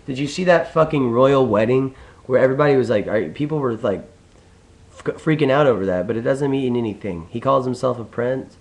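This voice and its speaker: A man's voice: medium pitch, lively intonation, fairly quick, darkish tone, poor audio. A young man from the United States talking alone in a casual, profane, rambling monologue with many restarts. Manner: profane, ranting, full of restarts. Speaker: vlogger.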